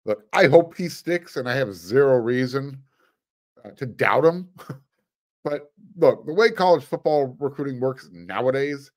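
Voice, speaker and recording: Here a sports podcast host talks with a medium-pitched, animated voice at a slightly slow pace. His casual commentary rambles with fillers and frequent restarts, spiced with dry sarcasm.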